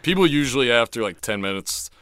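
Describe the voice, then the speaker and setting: A man in his twenties with a very deep voice, speaking reflectively and a little hesitantly in an interview. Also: lively intonation, quick pace, a bit bright, no room sound, studio quality. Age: 20s. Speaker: interviewee, brother.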